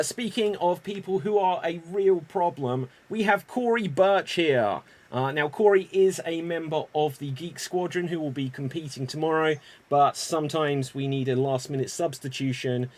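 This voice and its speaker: A man hosting a live online improv show, introducing players with upbeat, joking lines. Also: medium pitch. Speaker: host.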